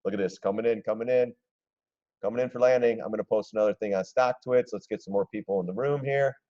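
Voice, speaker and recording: Male live-stream host, low-pitched, mellow tone, excitable casual chart commentary, dull lo-fi audio. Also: quick pace. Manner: excitable, gleeful when shorts pay off, throws in mocking voices; clears throat often, repeats words.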